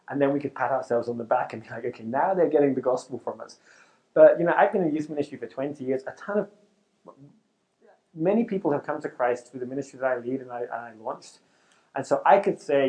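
In a mid-range voice, the middle-aged leader of a youth ministry gives an animated, chatty talk to youth workers with a live audience present.

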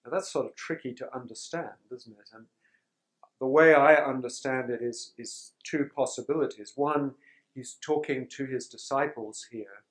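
A man giving a conference talk to pastors in a sermon tone, measured and reflective, often pausing to clear his throat. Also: medium pitch, low-quality recording. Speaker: speaker teaching pastors on forgiveness.

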